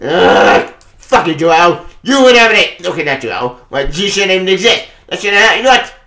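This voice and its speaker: Male comic reviewer, high animated voice, loud excitable delivery full of curses, roomy echo. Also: moderate pace, gravelly. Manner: excitable, swears a lot, laughs often. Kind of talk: casual spoken review.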